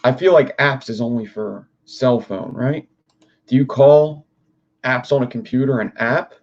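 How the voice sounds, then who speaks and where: A man's voice: mid-range voice, a little slow, a little mellow, lo-fi sound. Rambling young man on a livestream. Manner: rambling, swears freely, talks to chat. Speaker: livestream host. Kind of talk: casual livestream chat.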